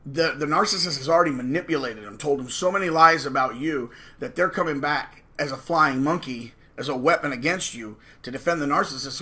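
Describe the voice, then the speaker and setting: A man fronting his own channel rants at the camera, emphatic and sarcastic, playacting the voices of those he quotes. He speaks in a sharp-toned voice that sits a little high.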